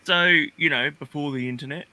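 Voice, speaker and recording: Bright, high-voiced man chatting. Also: a little fast, no echo. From Australia. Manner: rambling, hesitant, many fillers and restarts. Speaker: guest. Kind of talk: casual chat. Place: livestream call.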